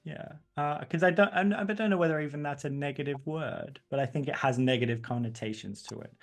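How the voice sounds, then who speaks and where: A man from England, a guest in a casual interview, talking in an animated way and laughing often. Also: a little high, fairly quick, vocal fry, soft background music.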